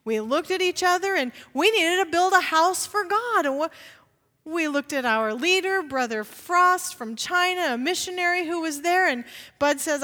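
A woman's voice: very high-pitched, expressive, normal speed, sharp tone. A woman pastor giving a conversational sermon in a church sanctuary, often asking the congregation rhetorical questions. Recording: reverberant sanctuary.

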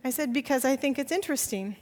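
Woman pastor, high voice, lively sermon storyteller, church reverb. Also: fast. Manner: animated storytelling, acting out dialogue. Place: church sanctuary. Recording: long church hall reverb.

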